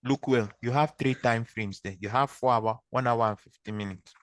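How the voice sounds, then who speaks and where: A man's voice: medium pitch, moderate pace, no echo. A man with a Nigerian accent leads an online trading class, explaining each step and putting questions back to his students. His voice sits in the middle of a man's range and comes across dry and close, with no room sound around it. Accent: Nigerian English. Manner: patient, quizzing students with repeated questions. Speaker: trading instructor. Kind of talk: online screen-share training session.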